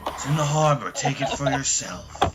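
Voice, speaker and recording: A man's voice: medium pitch, expressive, moderate pace, over music, voice pushed up, natural voice. A man doing a bitter, vengeful captive spellcaster. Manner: scornful, threatening, outraged. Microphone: video call.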